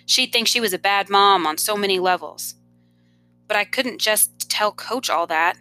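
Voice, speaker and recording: A woman, a teacher, reading a novel aloud in an expressive first-person storytelling manner. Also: medium pitch, moderate pace, soft background music.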